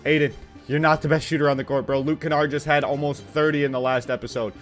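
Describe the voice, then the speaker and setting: Over faint game music, a gaming channel host with a fairly high voice commentates on the basketball game he's playing. He flips between excitement and exasperation, scolding the on-screen players in casual talk laced with slang and swearing.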